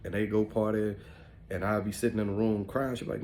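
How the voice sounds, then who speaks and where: A man's voice: fairly low pitch, little pitch movement, fairly quick, a little mellow, a little hiss or hum. A middle-aged man with an African American Vernacular English accent, rambling through family memories in casual talk, full of "man" and "you know". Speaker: podcast host. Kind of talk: casual storytelling monologue.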